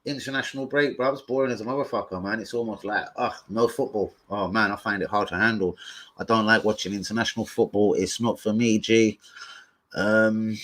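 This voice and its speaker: A man's voice: lowish voice, steady tone, fairly quick, fairly bright tone. A young man hosts a live stream. He chats in a slangy, profane style and trades insults with trolls in the chat.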